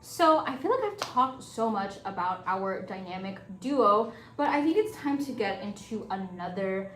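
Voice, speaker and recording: A woman hosting a live shopping stream, chatting upbeat and casual with viewers as she pitches hair-care bundles. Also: big pitch swings, measured pace, a bit bright, far from the mic, soft background music. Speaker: livestream seller. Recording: echoey room, voice a bit off-mic, faint ambience.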